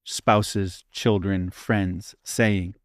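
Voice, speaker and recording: A pastor co-hosting a faith podcast speaks in a deep, steady voice, very slowly, working earnestly through a question in casual discussion. He often checks in with "right?", and the studio-quality audio has no room sound.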